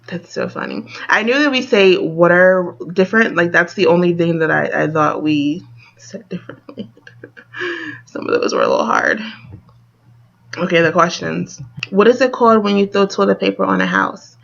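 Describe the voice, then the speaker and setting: A young woman vlogger from Wilmington, Delaware, with a northern Delaware accent, chats casually and reads a word list, giggling and saying "like" and "um" a lot. Her fairly low, creaky voice is very animated and fairly bright in tone, a little slow with long pauses. The recording is lo-fi.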